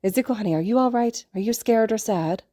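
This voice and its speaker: A woman voicing a gentle, loving mother in a storybook reading, soft and cooing. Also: fairly high pitch, fast talker, no echo, clean studio sound, natural voice.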